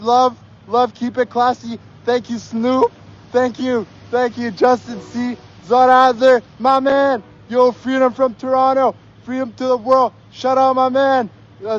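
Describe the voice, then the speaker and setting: A hoarse young man livestreaming outdoors on a snowy street, excitedly yelling shout-outs to viewers. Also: high voice, lo-fi sound, slight background noise. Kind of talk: live stream reading out viewer donations.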